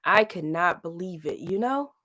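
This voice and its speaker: A woman in her late thirties from St. Louis, Missouri, hosts a livestream, chatting casually, rambling and laughing often. Her voice is on the low side with a sharp tone and lively intonation, at normal speed.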